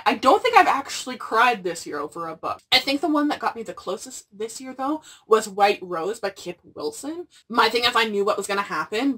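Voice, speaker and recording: A young adult woman, a book vlogger, chats casually about books, rambling and gushing with plenty of "like" and "freaking." Her voice is medium in pitch and fairly bright, with a breathy edge. She sits far from the mic.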